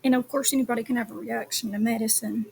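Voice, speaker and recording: A woman's voice: fairly high pitch, fast, gravelly, a little hiss or hum. A woman commenting on a trial and reading phone call transcripts aloud, with a hesitant manner and many ums. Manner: reads call transcripts in a flat, even tone. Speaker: true crime commentator.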